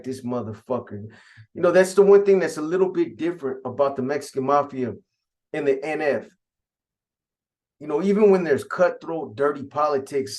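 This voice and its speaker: Streetwise male storyteller, slightly high voice, casual and profane. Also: a little mellow. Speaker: storyteller recounting prison gang history.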